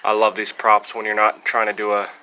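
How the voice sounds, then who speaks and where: A man's voice: lowish voice, completely flat delivery, a little fast, sharp tone, slight background noise, poor audio. A young man chatting to the camera on an outdoor walk, self-mocking and a little winded. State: out of breath on a hill. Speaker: vlogger. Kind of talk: casual outdoor vlog. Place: outdoors by train tracks and a hill. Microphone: handheld action camera.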